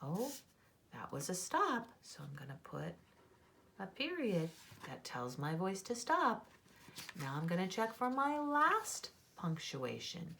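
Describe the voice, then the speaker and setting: A woman teaches young children to write, speaking slowly and with lots of pitch movement. She sounds out letters one by one and exaggerates her tone to show how a sentence should sound. Her voice sits a little low for a woman. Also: big pitch swings, gravelly, pushed and bright, a little hiss or hum.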